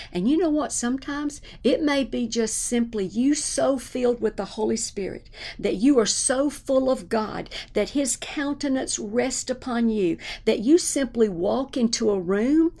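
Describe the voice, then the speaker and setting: A woman delivers a fervent sermon in a gravelly voice with a noticeable fry. She swings from emphatic preaching down to hushed, whispered prayer. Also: on the high side, unhurried, hardly any pauses.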